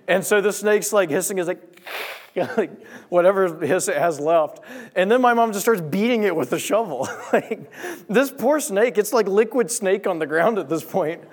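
A young man tells a story from the pulpit, his voice sitting a little high. He speaks in an animated way and acts out the voices and sound effects in his story. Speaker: preacher. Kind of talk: sermon storytelling.

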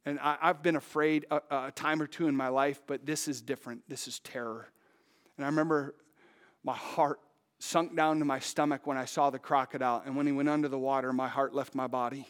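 A man telling a story to an audience from a stage, halting with fillers and dropping to a hush at tense moments. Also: medium pitch, level tone, clean tone. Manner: halting, with many fillers and restarts. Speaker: speaker on stage.

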